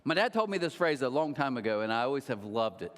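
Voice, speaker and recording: A man in his thirties preaching a sermon, telling stories with lively acted-out quotes. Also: mid-range voice, fast. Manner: animated storytelling with acted-out quotes. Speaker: pastor. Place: large church hall. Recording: long hall reverb.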